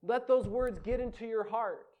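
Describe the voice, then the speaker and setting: Animated high-voiced male preacher. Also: moderate pace. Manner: animated, conversational, laughs often. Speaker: pastor. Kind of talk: sermon.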